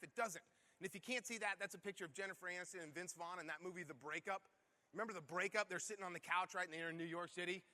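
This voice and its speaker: This man speaks in a high, sharp voice, delivering a motivational keynote to a conference crowd. As a conference speaker, he rattles off punchy rhetorical questions.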